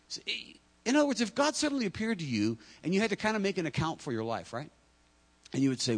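A man's voice: high-pitched, expressive, fairly quick. A man preaching a sermon, talking to the congregation directly and acting out imagined speakers. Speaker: pastor.

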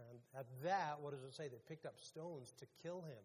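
A male pastor with a husky, somewhat high voice gives a relaxed, chatty sermon and keeps checking in with his listeners. His voice rings out with a long reverb, as in a large hall. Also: brisk, few pauses. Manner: casual, questions the audience. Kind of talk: conversational sermon.

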